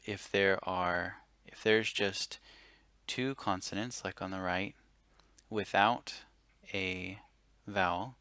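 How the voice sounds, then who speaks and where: Low-voiced man explaining a lesson, dry and close. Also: no room sound. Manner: relaxed, explains step by step with self-corrections. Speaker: language teacher.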